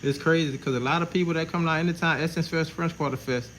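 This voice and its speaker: A man's voice: on the high side, steady tone, fast, a bit bright, a little hiss or hum, rough recording. A man with a New Orleans accent, a tattoo artist chatting casually with viewers on a livestream while he works in his shop. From New Orleans, Louisiana. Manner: laid-back, slangy, greets chat viewers.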